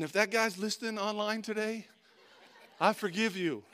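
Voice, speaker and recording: A middle-aged man preaching a sermon, telling a personal story with lively swings from quiet to shouting. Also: high-pitched, normal speed. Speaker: pastor.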